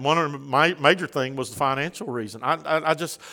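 A middle-aged male pastor preaching to his congregation in a bright, forceful voice that sits a little high for a man. He is folksy and jokes with the crowd, then swings into loud, fervent preaching. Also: a little fast. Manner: folksy, joking asides to the congregation. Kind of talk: sermon.

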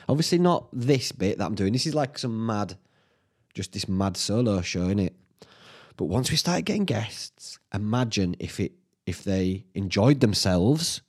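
Northern English man, young adult, low-pitched, casual solo podcast, thinking out loud, swears, mocks himself. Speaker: podcast host. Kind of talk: rambling solo podcast chat.

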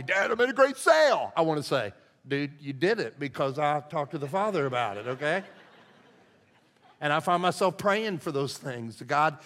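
Older male pastor, slightly high voice, folksy sermon delivery in a reverberant sanctuary. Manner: folksy, conversational preaching that swings from hushed to loud. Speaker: lead pastor. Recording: long hall reverb.

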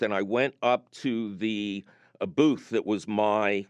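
A man's voice: lowish voice, slow, smooth, dry recording, dull audio. A man hosting a call-in gardening radio show from a studio, joking and telling stories with energy. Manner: jokey, animated storyteller. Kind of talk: lively call-in radio talk. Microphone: studio mic.

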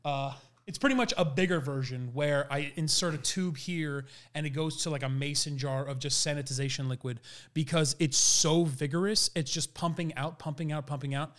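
A man's voice: fairly high pitch, fairly even intonation, normal speed, a bit bright. A man chatting casually on a podcast, explaining how he makes mead in a rambling way, full of fillers and restarts. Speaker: guest mead maker.

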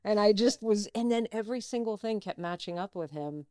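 A middle-aged actress, a guest in a casual interview, telling personal stories and acting out what others said. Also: female voice, mid-range voice, a little fast, clear, resonant tone, no room sound, studio quality. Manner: animated, acts out quoted dialogue.

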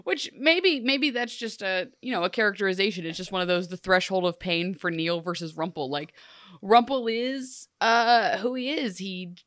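A woman co-hosting a casual TV recap, animated and self-deprecating. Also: mid-range voice, normal speed, no echo, studio quality. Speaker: podcast co-host.

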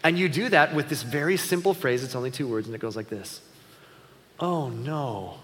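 A man's voice: medium pitch, lively intonation, quick pace, noisy background. A pastor giving a casual, earnest sermon on parenting, talking to his listeners conversationally and poking fun at himself. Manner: earnest, conversational, self-deprecating. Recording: long hall reverb.

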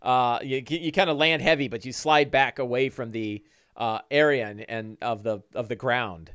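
A man narrating a tabletop game as game master, animated, with frequent fillers and restarts. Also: mid-range voice, moderate pace, clean tone, no room sound.

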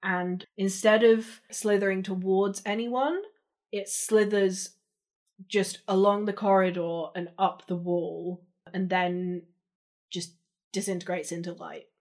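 A woman's voice: mid-range voice, flat delivery, takes it slowly, darkish tone. A woman narrating as game master of a tabletop role-playing game, casual and swearing freely. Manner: casual, swears, restarts mid-sentence.

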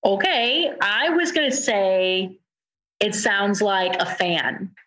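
A woman from Indiana co-hosts a casual podcast with a playful, enthusiastic manner. Her voice sits at a middle pitch and she keeps the chat easygoing and talkative. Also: slow pace, fairly bright tone. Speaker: podcast co-host.

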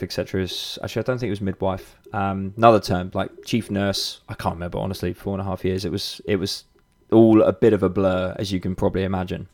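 A man's voice: sits low, darkish tone. A man in his thirties, hosting a podcast, tells a personal story in a candid, casual way, with swearing, fillers and restarts. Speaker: podcast host.

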